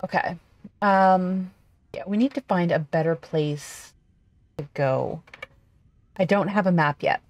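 A woman hosting a gameplay video, chatting casually and excitedly to herself as she plays. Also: fairly low pitch, slow, long pauses, lo-fi sound, a little hiss or hum. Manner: chatty, excitable, talks to herself while playing. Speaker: gaming video host.

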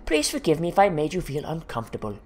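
A man's voice: on the high side, wildly swooping pitch, fast talker, slight background noise. A man voicing a shy, polite young woman who writes formal, apologetic letters in a video game.

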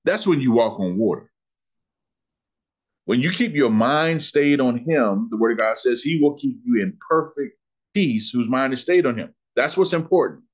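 A man, teaching a Bible lesson in sermon style, asking questions and slowing down to read scripture. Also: mid-range voice, lively intonation. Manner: preacherly, asks questions and answers them, slows down on scripture.

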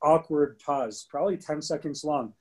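A man in his thirties co-hosting a podcast, telling an animated story in a casual chat. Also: on the high side, normal speed, breathy edge, low-quality recording. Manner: animated storyteller, bursts into rapping. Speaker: podcast co-host.

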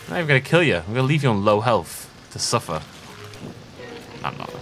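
A man's voice: medium pitch, sing-song, fast, fairly bright tone, soft background music. A man chatting casually while playing a game, rambling and self-deprecating. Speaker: let's play host. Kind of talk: casual gameplay commentary.

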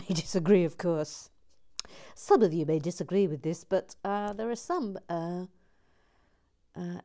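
A woman with a fairly low voice talks on a lapel mic while she builds at a table. She chats in a rambling, self-mocking way, often slipping into soft whispered asides. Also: creaky. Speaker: host building a toy model. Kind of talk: casual chat while building. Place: indoors at a table.

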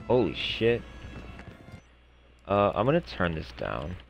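A young man streaming a video game live, reacting with excitable, slangy, swearing commentary. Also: sits low, slow, gravelly, dull audio. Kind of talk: casual live gameplay commentary. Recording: streamer mic with game music behind.

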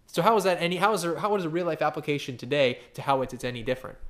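A male pastor delivering a sermon in a somewhat high-pitched voice, pressing his points with rhetorical questions. He often stammers and restarts mid-phrase and keeps an emphatic, conversational push throughout. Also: steady tone, rapid-fire, a bit bright.

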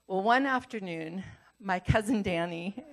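Older woman preaching with a gravelly voice. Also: mid-range voice, measured pace. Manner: animated storytelling, acts out others' lines. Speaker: pastor. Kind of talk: sermon with personal story.

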